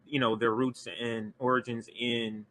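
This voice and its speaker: Bright-voiced, emphatic male commentator. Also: medium pitch, level tone, a little slow. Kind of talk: political commentary.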